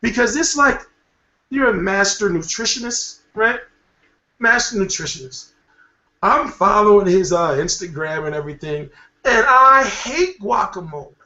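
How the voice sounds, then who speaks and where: A man hosting a boxing talk show, giving a rambling, profane, animated rant in casual commentary. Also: high voice, measured pace. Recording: echoey room, dull lo-fi sound.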